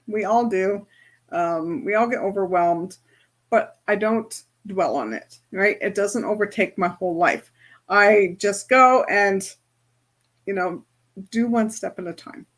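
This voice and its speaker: A woman teaching a group as a spiritual and business coach, in a chatty, casual way that keeps checking in with her listeners. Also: mid-range voice. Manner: chatty, often checks in with "right?".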